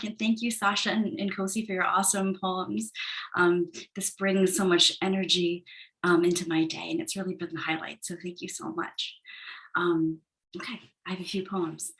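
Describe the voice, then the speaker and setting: A woman from the United States reading her poems on a video call, soft and measured. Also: medium pitch, low-quality recording. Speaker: poet. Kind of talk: poetry reading.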